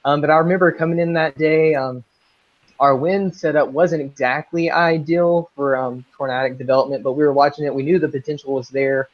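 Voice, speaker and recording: A man's voice: a little high, fairly even intonation, brisk. A young man from Northeast Texas, a guest meteorologist on a casual interview, polite and eager. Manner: polite, says "yes, sir", eager. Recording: dull lo-fi video call.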